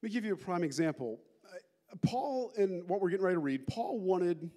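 A male pastor giving a conversational sermon, telling stories with lots of animated asides. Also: high-pitched, fairly quick. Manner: animated storytelling with many asides.

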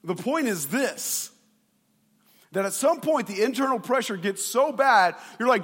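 A male pastor preaching a sermon in a playful, animated way, acting out voices. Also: very high voice, a little slow, breathy edge, long reverb tail.

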